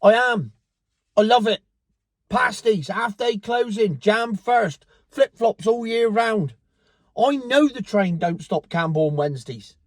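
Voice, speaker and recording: A man's voice: high-pitched, expressive, slow, dry recording. A Cornish man delivering a profane, sarcastic opinion rant as a vlogger. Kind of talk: angry opinion rant to camera.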